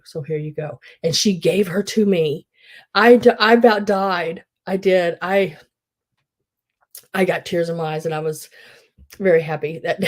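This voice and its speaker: Low, mellow-voiced woman selling collectibles. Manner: chatty and rambling, many fillers. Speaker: live online sale host. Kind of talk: casual live-sale chat.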